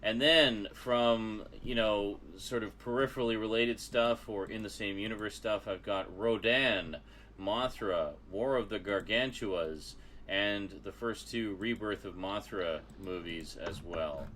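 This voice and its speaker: A man co-hosting a casual geek chat stream, enthusiastic and quick to laugh. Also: lowish voice, a bit bright, slight background noise. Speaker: co-host.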